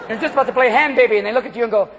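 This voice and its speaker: Guy doing standup, real high voice, all over the place, roomy hall with a noisy crowd laughing. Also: muffled recording. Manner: manic, rapid switches into silly voices and shouts. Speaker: stand-up comedian. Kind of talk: stand-up comedy routine. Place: large live venue before an audience. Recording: echoey live hall with loud crowd noise. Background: audience laughter and crowd noise.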